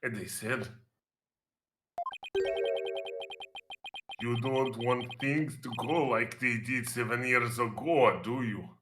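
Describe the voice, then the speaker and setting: A man's voice: high-pitched, sing-song, normal speed. A man from Poland voicing a proud male space center director in a fan voice-acting read of a game script, using a put-on Russian accent and a grandiose delivery. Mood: solemn. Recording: roomy echo with music behind.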